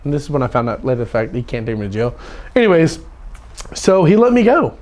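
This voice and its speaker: A man's voice: medium pitch, big pitch swings, fast talker, a little mellow. A man casually telling a story, laughing often and repeating words as he goes. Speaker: storyteller guest.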